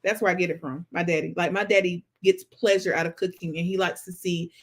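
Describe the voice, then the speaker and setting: A woman, hosting a casual chat and telling family stories in a lively way, now and then breaking into song. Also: on the low side, brisk. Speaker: vlog host.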